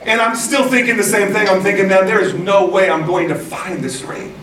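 A man preaching a sermon to a congregation, telling a lively story, acting out what people said, and laughing along the way. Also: sits high, fairly quick, far from the mic, slight background noise. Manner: storytelling, lively, acts out quotes, laughs often. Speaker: pastor. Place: large church hall with congregation. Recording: echoey hall, recorded from afar, congregation audible.

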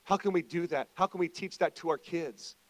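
A middle-aged male pastor giving a conversational sermon, moving between quiet asides and loud emphatic stretches. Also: on the high side, a little fast, no room sound.

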